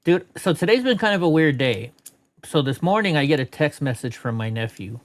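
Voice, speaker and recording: On his live stream, a middle-aged host chats in a sing-song voice that sits on the high side and moves fairly quickly. His talk wanders, he curses freely, and clips keep setting off his laughter.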